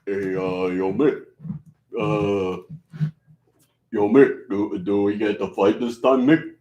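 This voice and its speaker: A man putting on an impression of a gruff, mumbling male boxer with a low drawl. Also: fairly even intonation, takes it slowly, dark tone, muffled recording. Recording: echoey room.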